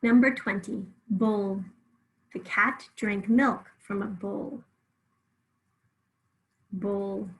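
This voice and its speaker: Speaking slowly in a medium-pitched, fairly bright voice, a female teacher runs a spelling test and reviews the answers, pronouncing every word carefully and breaking it into syllables. The recording is low quality.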